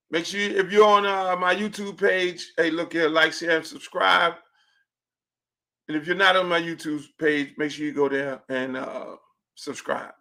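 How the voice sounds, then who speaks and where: A middle-aged man with a Miami accent hosting a casual livestream podcast, profane and joking, swinging between booming and hushed talk. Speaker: podcast host.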